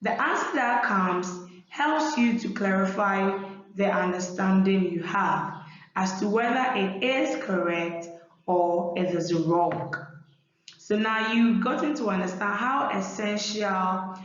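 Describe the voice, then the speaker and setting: A woman teacher giving a lesson to young pupils, repeating each point slowly and clearly. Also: mid-range voice, a little hiss or hum. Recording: very echoey room, dull lo-fi sound.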